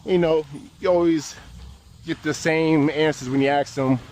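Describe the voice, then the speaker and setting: A young American man vlogging outdoors, talking in a slangy, laid-back, animated way as he walks city streets. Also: a little high, a little slow, slight background noise. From United States. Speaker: travel vlogger. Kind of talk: casual walk-and-talk vlog.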